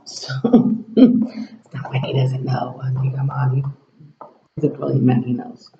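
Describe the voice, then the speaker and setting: A man's voice: medium pitch, flat delivery, a little slow, gravelly. A man telling a personal story to camera in a rambling, casual way, acting out dialogue and sometimes dropping to a whisper. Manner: rambling, acts out quoted dialogue, drops to a whisper at times. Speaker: vlogger. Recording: roomy, dull lo-fi sound.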